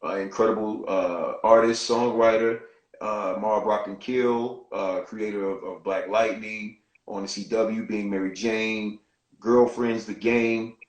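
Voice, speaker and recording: A man's voice: on the low side, fairly even intonation, unhurried, roomy sound. A man hosting an interview, enthusiastically summing up for his viewers with frequent fillers. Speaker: host, CEO. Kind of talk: interview host.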